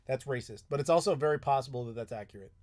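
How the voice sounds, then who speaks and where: A man's voice: mid-range voice, racing, a little mellow. A man in his thirties hosting a live stream from home, answering chat questions in a rambling, casual way with some swearing. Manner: rambling, chatty, with frequent swearing and laughs. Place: home in Chicago.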